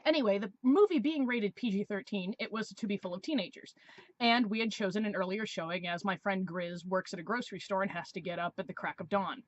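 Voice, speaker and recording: A woman's voice: medium pitch, brisk, no echo, highs cut off. A woman in her twenties, a vlogger telling a story in a sarcastic, exasperated way. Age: 20s. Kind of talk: casual storytelling review.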